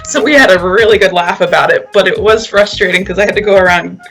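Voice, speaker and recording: A woman's voice: medium pitch, fast, a bit bright. A woman teacher telling a funny classroom story in a chatty way, often laughing at herself. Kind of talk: casual game show chat.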